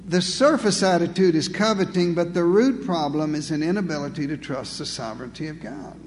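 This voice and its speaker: An emphatic male pastor delivering a sermon, driving points home with rhetorical questions and dry humor. His voice sits high for a man and carries long reverb across a church hall. Faint background noise hums underneath. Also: fairly quick, a little mellow.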